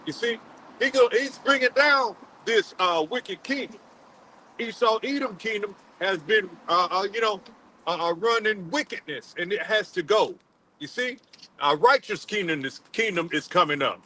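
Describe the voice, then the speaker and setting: A man preaching a sermon in a halting, repetitive way, full of fillers, and calling on another man to read scripture aloud. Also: high-pitched, sharp tone, a little hiss or hum, rough recording. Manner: halting, repeats words, many fillers, calls on a reader. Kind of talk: street-style sermon with scripture reading.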